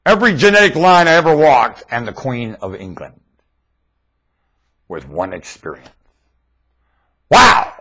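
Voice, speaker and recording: Man, webcam monologue; husky, bright, swings his pitch all over, rambling and excitable. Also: poor audio. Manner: rambling, excitable, often laughing. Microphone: webcam microphone.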